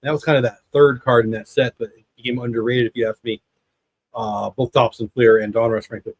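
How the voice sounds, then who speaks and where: A man's voice: mid-range voice, little pitch movement, a little fast, rough recording. A man in his fifties hosting a livestream watch party, chatting casually and rambling between the game and viewer comments. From United States. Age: 50s. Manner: rambling, chatty, reads chat aloud. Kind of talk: casual live baseball commentary.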